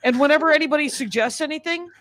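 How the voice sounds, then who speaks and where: A woman's voice: sits high, racing, a bit bright, no echo. A middle-aged woman comedian telling wry stories in a casual podcast chat. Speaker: comedian guest.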